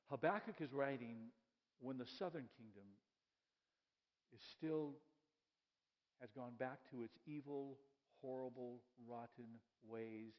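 A man preaching a sermon as a pastor, chatting and joking with the congregation, checking in with "okay?", then sinking to a hushed voice for the dramatic points. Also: medium pitch, slow, long pauses, long reverb tail, highs cut off. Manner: drops to a soft, hushed voice for dramatic passages.

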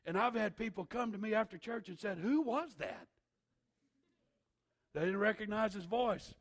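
Male pastor, raspy and gravelly, slightly high, emphatic sermon with shouts and hushes. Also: brisk.

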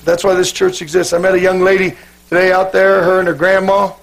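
A man's voice: high-pitched, completely flat delivery, a little fast, creaky. A man pastor, joking with his congregation and then leading fervent worship in prayer. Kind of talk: sermon.

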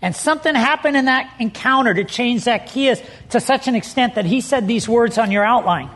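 A man's voice: very high-pitched, a little fast, fairly bright tone. A middle-aged man preaching a sermon as pastor, telling stories with animation and leaning hard on key words.

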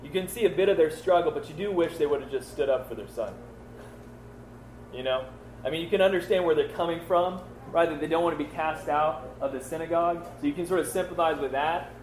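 A man's voice: on the high side, fairly quick, roomy sound, a little hiss or hum, low-quality recording. A man teaching through a Bible passage in a casual, conversational way, full of fillers and rhetorical questions.

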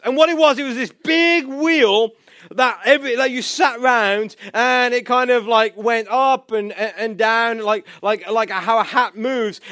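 A man with a high voice preaches by telling a story, animated and full of restarts. The recording is dry and close, with no room sound. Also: no echo. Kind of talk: storytelling sermon.

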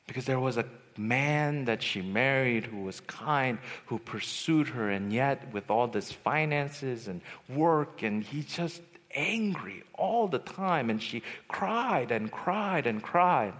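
A man giving a personal testimony as a retreat speaker, storytelling and swinging from hushed to loud. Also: mid-range voice, lively intonation, slow, few pauses. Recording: long hall reverb.

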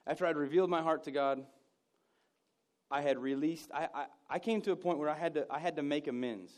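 A man preaching a conversational sermon, self-mocking, with loud emphatic bursts and hushed asides. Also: fairly high pitch, fairly quick.

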